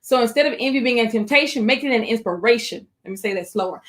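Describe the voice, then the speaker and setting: A woman with a fairly high, animated, slightly bright voice leads an online webinar for educators through a computer mic. Speaking straight to her audience in an encouraging way, she slows down to emphasize key phrases.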